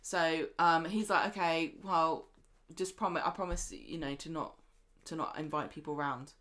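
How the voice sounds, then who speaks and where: A woman's voice: low-pitched, fairly even intonation, moderate pace, a bit bright. A woman co-hosting a podcast, chatting casually and acting out characters' lines as she retells the plot. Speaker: podcast co-host. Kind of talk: casual chat recapping a soap.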